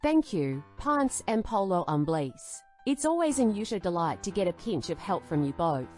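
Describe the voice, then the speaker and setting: A woman's voice: fairly low pitch, sing-song, moderate pace, a little mellow, soft background music. Theatrical woman hosting a mock awards show. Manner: theatrical, mock-grand, cheeky swearing. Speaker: podcast host. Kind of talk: comedic mock award announcement.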